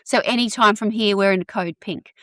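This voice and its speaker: A woman hosting a podcast, telling a true-crime story in a chatty, animated way with many asides. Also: mid-range voice, moderate pace, no echo. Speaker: podcast host.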